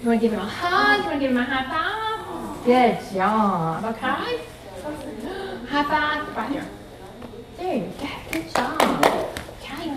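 Southern woman leading kids' dance; high, encouraging, distant mic with chattering children around. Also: sing-song, a little slow. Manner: upbeat, encouraging, sing-song. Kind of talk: calling out a children's action dance. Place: library room with children. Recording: echoey room, distant mic, crowd.

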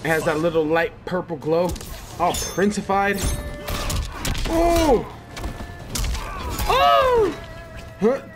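A man doing gameplay commentary for a let's play, excitable, yelping and laughing, swearing freely. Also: sits high, slow, pauses often. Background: game music and fight sounds.

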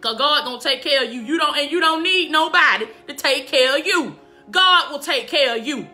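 A woman preaching on a live stream from her kitchen, her voice high and ringing. She speaks with fervor, circling back to the same calls of praise and checking in with her listeners. Soft music plays behind her. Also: expressive, normal speed. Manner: fervent, repeats praise calls and "do you understand me"; laughs often while preaching. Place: home kitchen.

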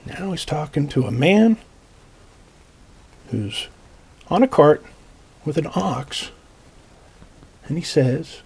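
A man reading a picture book aloud to children, gently explaining the pictures as he goes. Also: fairly high pitch, big pitch swings, takes it slowly, pauses often, slightly rough. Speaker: storytime reader.

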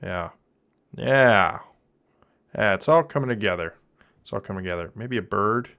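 This fast-talking man has a lowish voice with lively intonation. In his thirties, he jokes goofily through a live-streamed drawing game, punctuated by abrupt loud, silly outbursts.

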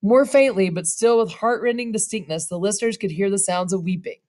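A woman's voice: medium pitch, fairly quick, a little mellow. A woman narrating a western short story aloud, breaking off for casual asides. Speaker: reader and narrator.

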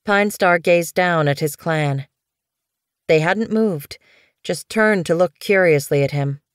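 A woman narrating an audiobook in a steady, even storytelling manner. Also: fairly low pitch, slow pace, clear, resonant tone, no room sound, studio quality. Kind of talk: scripted narration.

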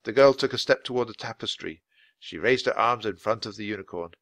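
A man reading a children's book aloud at a clear, natural pace for language learners. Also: fairly low pitch, a bit bright, no echo. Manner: clear, deliberate storytelling for learners. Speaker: audiobook reader.

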